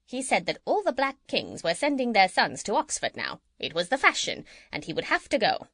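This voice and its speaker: A woman's voice: medium pitch, a little fast, no echo, studio quality, heavily acted. Woman reading a chatty lady parrot, bouncy voice, no room sound at all. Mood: gossipy. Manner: lively, chattering storytelling. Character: chatty, gossipy female parrot. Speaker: audiobook reader. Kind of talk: children's audiobook character reading.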